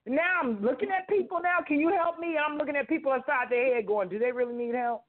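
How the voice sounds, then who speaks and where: Speaking fast in a high voice, this woman in her fifties gives a forceful, sermon-style spiritual testimony over talk radio. Her speech is colloquial and full of repeated phrases, heard through a thin, telephone-quality line.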